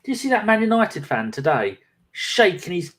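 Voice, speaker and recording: Teasing man, fairly high voice. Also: big pitch swings, moderate pace, fairly bright tone. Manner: teasing, sweary banter. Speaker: podcast co-host. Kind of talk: casual chat.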